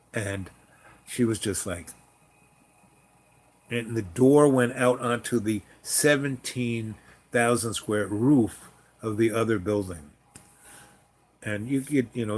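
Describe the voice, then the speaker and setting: A man's voice: lowish voice, breathy edge. A man telling a personal story in a casual, rambling way, frank and loose, with lots of asides. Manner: rambling and frank, many fillers and restarts.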